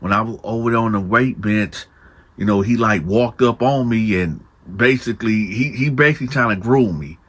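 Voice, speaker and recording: A man voicing a scared, ashamed young male inmate who talks in a hesitant, halting way and repeats himself. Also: on the low side, husky. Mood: troubled.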